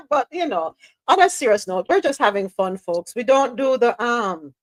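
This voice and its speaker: A woman's voice: fairly high pitch, lively intonation, a little slow, no echo. A woman hosting a live talk show, chatty and teasing, often laughing as she talks. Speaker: show host. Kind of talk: lively live-show banter.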